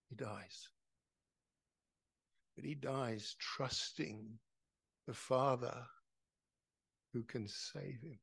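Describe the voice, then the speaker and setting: A man preaching a sermon in church. He is impassioned, asks rhetorical questions and builds to loud, emphatic peaks. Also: fairly high pitch, gravelly. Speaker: pastor.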